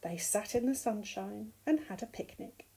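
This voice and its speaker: An older grandmother gently reading a picture book aloud to an unborn grandchild, soft and slow. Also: mid-range voice, expressive, creaky, breathy edge.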